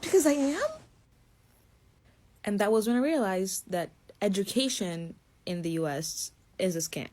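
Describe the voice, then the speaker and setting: A woman's voice: medium pitch, lively intonation, moderate pace, few pauses, a little mellow. A woman in her twenties from Greece telling a story casually to the camera in a chatty, exasperated way.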